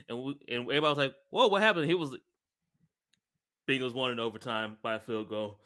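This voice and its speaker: A man chatting casually on a podcast, telling a lively story and acting out what others said. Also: medium pitch, brisk, smooth. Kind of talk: casual chat.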